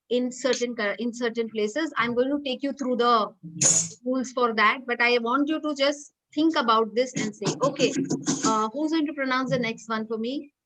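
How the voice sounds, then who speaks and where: High bright woman teaching online. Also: low-quality recording. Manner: explains patiently, quizzes students by name, mixes in Hindi. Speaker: English teacher. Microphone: video call.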